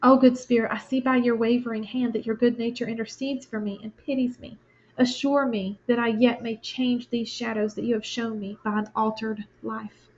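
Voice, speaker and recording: A woman's voice: a little high, level tone, normal speed, a little mellow, a little hiss or hum, natural voice. A woman reading the part of an old miserly man who begs a ghost for another chance, in a fervent, urgent voice. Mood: pleading. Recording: lo-fi, dull sound.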